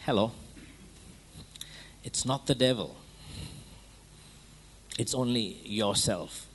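A man's voice: medium pitch, slow pace, slight background noise. Conversational male preacher asking rhetorical questions. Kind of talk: sermon.

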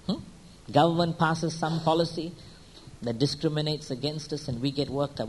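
A man's voice: a little hiss or hum, rough recording. Preacher firing rhetorical questions at his flock. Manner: keeps asking the congregation rhetorical questions and checking with "hmm?" and "huh?"; swings between quiet, slow lines and loud, high-pitched bursts. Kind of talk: sermon.

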